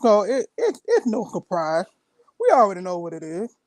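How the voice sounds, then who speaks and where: A man co-hosting casual sports talk, blunt and quick to laugh. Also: high voice, huge pitch swings, darkish tone, no room sound. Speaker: co-host analyst.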